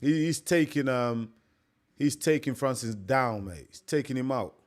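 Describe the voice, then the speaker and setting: A man's voice: mid-range voice, animated, measured pace. A young man hosting a live stream, chatting casually and repeating himself, calling his listeners mate. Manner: chatty, repetitive, peppers talk with "mate".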